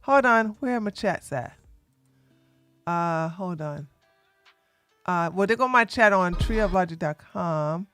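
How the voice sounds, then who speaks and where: A woman livestreamer in casual chat, talking softly and without hurry. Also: lowish voice, expressive, smooth, soft background music. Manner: soft, unhurried talk, a break from her usual yelling.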